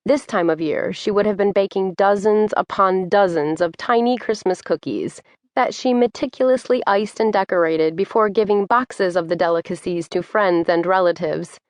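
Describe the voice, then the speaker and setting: A woman reading an audiobook in measured, descriptive scripted narration. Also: medium pitch, dry recording.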